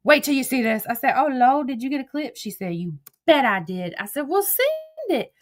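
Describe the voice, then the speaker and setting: Retelling a text conversation message by message in an "I said, she said" style, this vlogger walks through some online drama. Her voice is on the high side, expressive and a little fast, and she curses freely with a blunt, fed-up tone.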